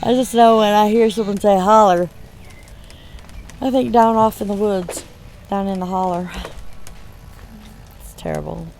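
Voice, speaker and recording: A woman's voice: medium pitch, moderate pace, gravelly, a little mellow, a little hiss or hum. A woman with a Southern US accent, raised in the South after a Michigan childhood, chatting in a rambling way over gameplay and laughing between words. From born in Michigan, raised in the US South. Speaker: gaming channel host. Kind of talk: casual chat over gameplay.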